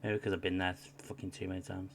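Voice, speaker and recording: A male co-host of a wrestling podcast, chatty and reassuring in a relaxed way. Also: low-pitched, quick pace, slight background noise.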